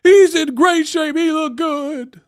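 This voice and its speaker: A man putting on a high, mocking, sing-song voice to imitate a sensitive male fan. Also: slow pace. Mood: mocking whiny. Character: whiny, sensitive male fan mocked in shrill voice.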